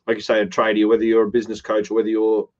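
A man's voice: lowish voice, monotone, very fast, a little mellow, dull audio. A man co-hosting a business show, talking earnestly and often restarting his phrases. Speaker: co-host. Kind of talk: business podcast chat.

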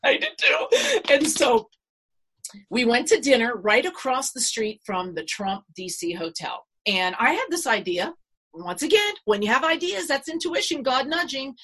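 A middle-aged woman, a podcast guest, telling a story dramatically and acting out what people said with big swings in pitch and loudness. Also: very animated, unhurried, husky. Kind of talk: animated storytelling.

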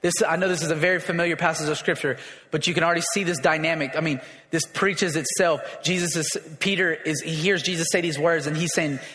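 High, bright-voiced preaching man. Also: steady tone, fast talker. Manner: emphatic, repeats phrases, calls for congregation response. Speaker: pastor. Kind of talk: sermon. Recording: echoey hall with long reverb.

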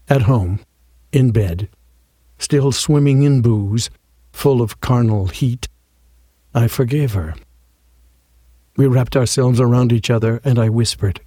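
A man reads an audiobook in a wry, measured voice. His tone is dark and mellow with a husky edge, and the recording is dry and close. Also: mid-range voice, dry recording. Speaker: narrator. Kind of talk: audiobook narration.

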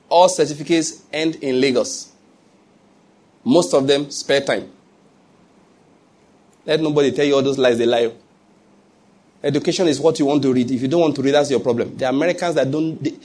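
A man's voice: on the high side, darkish tone. A man with a Nigerian accent preaching a sermon as a pastor, asking rhetorical questions and mixing in humor.

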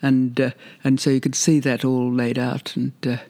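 A man's voice: mid-range voice, monotone, moderate pace, warm tone. An older man being interviewed, reminiscing in a rambling, hesitant way with frequent laughs. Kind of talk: reminiscing conversation.

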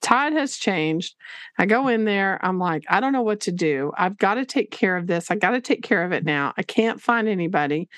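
A woman's voice: medium pitch, no echo, studio quality. A woman co-hosting a teaching podcast, telling a personal story in an earnest, casual way with many restarts.

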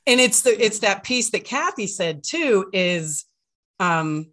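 Woman podcast co-host, reflective, works ideas out aloud; an average-pitched voice. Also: very animated, slow, a bit bright. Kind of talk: casual chat.

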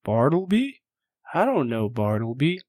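A downcast panda bear hermit, as a man voices him, plods through his words in a slow, flat gloom. He sounds apologetic and worn down. It is dry and close, recorded for a tabletop game podcast. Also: mid-range voice, dry recording. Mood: gloomy. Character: depressed clumsy panda bear hermit, male.

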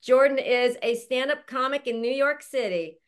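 Her voice sits high and carries a clear, resonant tone at a moderate pace. She's hosting a panel over video call, bringing in her guests with warm, chatty introductions and frequent laughter.

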